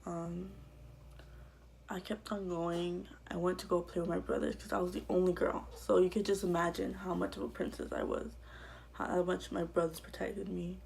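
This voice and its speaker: Woman vlogger, low gravelly voice, halting and hushed, faint hum behind. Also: level tone. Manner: halting and quiet, often dropping to a whisper. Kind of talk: personal life story told to camera.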